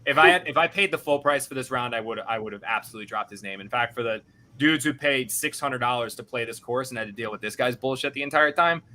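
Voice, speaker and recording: A young man hosting a podcast, telling a story in an animated, self-deprecating way and acting out what others said. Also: medium pitch, fast talker, a little hiss or hum. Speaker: podcast host. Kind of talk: casual storytelling.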